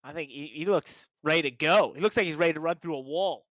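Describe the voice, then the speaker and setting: A man hosting a live sim racing broadcast, calling laps with excited play-by-play and repeating his hype lines. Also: on the high side, quick pace, no echo. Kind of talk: live race commentary.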